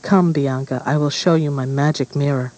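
A man voicing a devout witch queen stepmother, coaxing and pleading in a dark storybook. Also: fairly high pitch, steady tone, normal speed, close to an everyday voice, poor audio. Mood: commanding.

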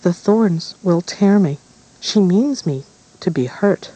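A man's voice: high voice, big pitch swings, unhurried, dark tone, voice pushed up, low-quality recording. A man voicing a pale, eerie young princess who whispers fearful complaints in a storybook reading.

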